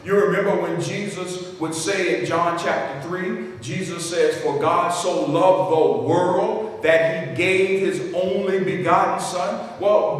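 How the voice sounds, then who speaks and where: A man preaching a sermon as pastor, slow and deliberate, with frequent fillers and repeated phrases. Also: high voice. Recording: echoey hall, voice from far off the mic.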